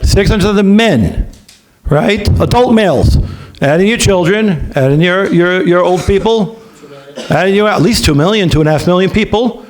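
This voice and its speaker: A man, a rabbi, talking to yeshiva students in a lively, conversational way, acting out bits of dialogue and checking in with his listeners. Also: high voice, moderate pace. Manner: lively, acts out dialogue in different voices. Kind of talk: animated talk to a student audience.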